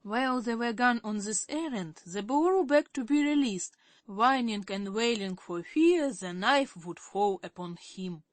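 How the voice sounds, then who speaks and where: A woman narrating a classic children's story as an audiobook reader, deliberate and expressive. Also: fairly high pitch, no room sound. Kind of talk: scripted narration.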